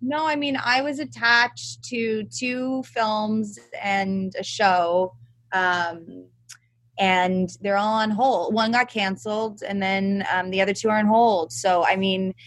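A woman's voice: medium pitch, steady tone, takes it slowly, fairly bright tone, no echo. A woman guest, an actress, chatting casually with self-mocking humor and frequent hesitations. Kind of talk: casual chat.

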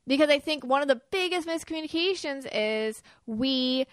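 Casting note: woman podcast host, fairly high voice, chatty and loose, dry close recording. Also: animated, normal speed, few pauses, fairly bright tone, smooth, no echo. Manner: chatty, many fillers, acts out quoted lines. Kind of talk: casual spiritual podcast talk.

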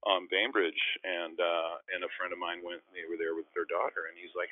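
A man's voice: deep voice, flat delivery, fairly quick. A middle-aged man from Canada, a former basketball player, telling chatty, self-deprecating stories as a guest. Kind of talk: casual storytelling. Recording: tinny phone-like line, dry.

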